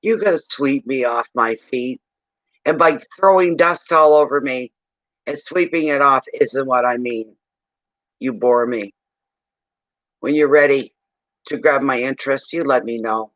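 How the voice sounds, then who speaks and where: A man's voice: mid-range voice, measured pace, long pauses, a bit bright, no room sound, dull audio, natural voice. A man voicing a bored female moose who brushes off a suitor with sassy, dismissive remarks.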